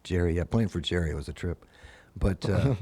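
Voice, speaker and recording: Older man, musician guest, low pitch, husky mellow voice, animated storytelling. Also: moderate pace. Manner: anecdotal, animated quoted voices. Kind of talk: casual storytelling.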